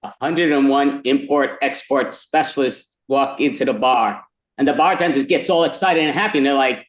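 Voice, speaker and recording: A man's voice: mid-range voice, normal speed, roomy sound. A man hosting an improv comedy game, playfully praising his own jokes.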